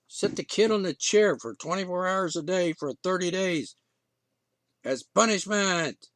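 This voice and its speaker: A man's voice: high voice, expressive, moderate pace, fairly bright tone, no room sound. A man hosting his own show, ranting in an indignant, sarcastic monologue full of restarts and asides. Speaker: podcast host.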